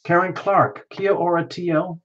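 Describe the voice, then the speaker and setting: A man hosting a live tarot reading stream, chatting casually and greeting viewers by name, with excited whoops now and then. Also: sits high, unhurried. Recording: dull lo-fi stream audio.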